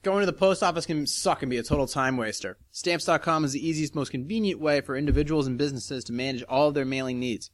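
A man's voice: on the high side, quick pace, few pauses, no room sound. Brash male podcast host, casual banter, dead-dry mic. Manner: brash, swears, talks while chewing.

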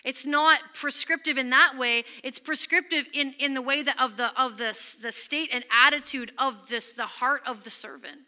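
Bright-voiced woman preaching an earnest sermon. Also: high-pitched, normal speed, hardly any pauses. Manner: earnest, emphatic, drops to near-whisper on scripture. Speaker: pastor.

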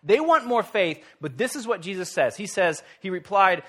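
A man pastor giving a sermon in a conversational, lively way with wry humor. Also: high-pitched, normal speed, hardly any pauses.

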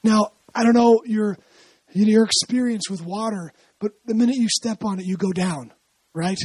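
A husky-voiced preacher gives a conversational sermon, explaining scripture in a chatty, storytelling way and often checking in with listeners through rhetorical questions. His mid-range voice has a darkish tone and a moderate pace, recorded dry and close with no room echo.

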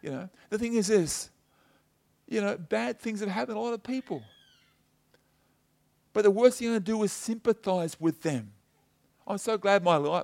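This is a middle-aged male pastor with a notably high-pitched voice. He preaches in a loose, chatty way, telling personal stories and leaning on "you know" and "okay?" to keep the congregation with him. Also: lively intonation, moderate pace, vocal fry, darkish tone. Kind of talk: conversational sermon.

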